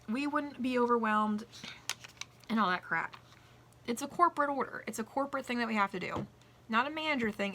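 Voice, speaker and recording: A young adult woman vlogger casually telling work stories in an animated way, swearing freely. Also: a little high, slight background noise. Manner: animated, acts out quoted voices, swears casually. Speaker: vlogger and restaurant worker. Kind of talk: casual storytelling.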